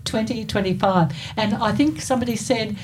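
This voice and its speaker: A woman's voice: a little high, normal speed, a little hiss or hum. Chatty radio host woman. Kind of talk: radio interview.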